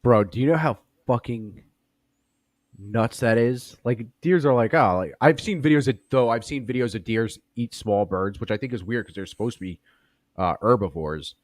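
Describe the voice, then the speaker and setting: A man's voice: mid-range voice, normal speed, no echo, clean studio sound. A man co-hosting a podcast in crude, casual comedic chat, swearing constantly. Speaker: podcast co-host.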